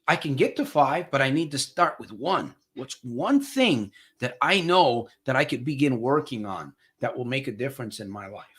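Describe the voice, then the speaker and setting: Talking at a moderate pace with few pauses, this man uses a mid-range, sing-song voice with a fairly bright tone. He is a recovery coach running a live motivational show from a green-screen home studio, preaching to viewers as friends, repeating himself for emphasis and reading out their comments.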